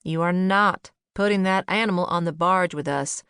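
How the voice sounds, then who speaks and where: A woman's voice: fairly low pitch, moderate pace, a bit bright, smooth, no room sound, studio quality, lightly acted. A woman voicing a theatrical, indignant man with a flair for drama. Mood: exasperated. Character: dramatic exasperated man, former TV star.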